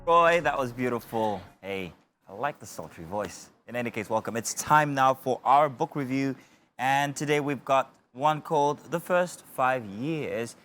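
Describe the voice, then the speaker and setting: A Nigerian man hosting a TV book review interview, jovial and quick to joke. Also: mid-range voice, animated, a bit bright, soft background music. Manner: jovial, joking. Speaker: TV morning show host. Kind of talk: studio interview.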